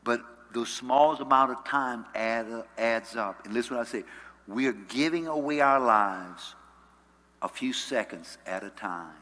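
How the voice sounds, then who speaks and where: A man preaching a sermon as pastor. He uses call-and-response and swings from loud, rising calls to soft, low passages. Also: measured pace. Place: church sanctuary. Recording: church hall reverb.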